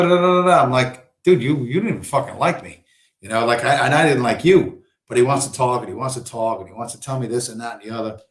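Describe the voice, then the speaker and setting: A man rambling through a profane, meandering story on a casual livestream, often mimicking the people he quotes. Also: medium pitch. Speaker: livestream host. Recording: echoey room.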